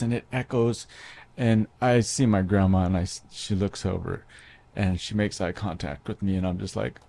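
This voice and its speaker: A man's voice: low voice, fairly even intonation, moderate pace, vocal fry, warm tone. A man in his thirties telling a personal story to an audience in a conversational way, with many fillers and restarts. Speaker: speaker.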